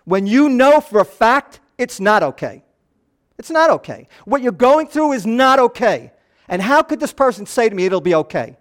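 Middle-aged guy preaching, high voice, goes quiet then lifts up animated. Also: normal speed. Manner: swings from soft and hushed to raised and animated. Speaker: pastor. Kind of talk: sermon.

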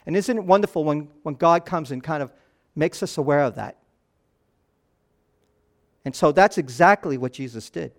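A middle-aged man preaching a sermon as a pastor, moving between soft, hushed passages and raised, animated ones. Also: fairly high pitch, normal speed, pauses often.

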